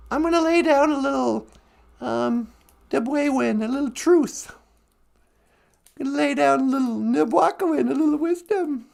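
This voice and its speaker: A storyteller with a high-sitting, gravelly, darkish voice tells a traditional animal tale. Her delivery is casual, chatty, humorous, and conversational.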